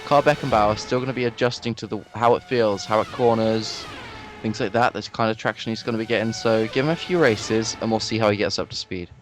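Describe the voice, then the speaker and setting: Relaxed young male co-commentator. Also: fairly low pitch, quick pace, soft background music. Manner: relaxed, analytical, dry jokes. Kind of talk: casual race commentary.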